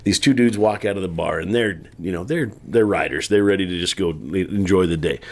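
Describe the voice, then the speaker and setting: A man co-hosting a podcast, telling a story in a casual, animated way with laughter. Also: sits low, a little fast. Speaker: podcast co-host.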